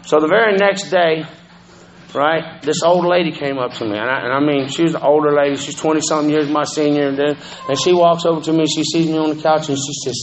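On poor audio with slight background noise, a man with a fairly high, fairly even voice talks a little fast through his recovery testimony. Profane and conversational, he keeps asking listeners "you know what I'm saying".

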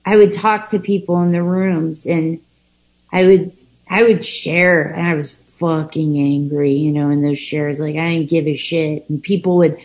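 A woman's voice: low-pitched, steady tone, a little mellow, poor audio. A woman candidly telling her own recovery story, speaking frankly with lots of swearing and frequent restarts. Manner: halting and frank, heavy swearing, many restarts. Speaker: person sharing a recovery story.

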